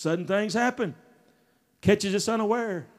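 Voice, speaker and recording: A man preaching a fervent revival sermon, swinging between shouts and hushed asides. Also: high-pitched, unhurried. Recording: taped sermon.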